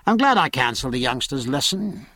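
A man's voice: mid-range voice, sing-song, a little fast, sharp tone, dry recording, studio quality, exaggerated voice. A man voicing a commanding sea captain who bellows his hails over the noise. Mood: dry, firm.

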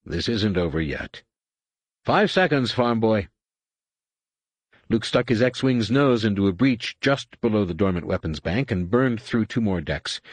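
A man reading a science-fiction novel aloud as a dramatic, animated audiobook narrator. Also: fairly low pitch, no room sound. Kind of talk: scripted narration.

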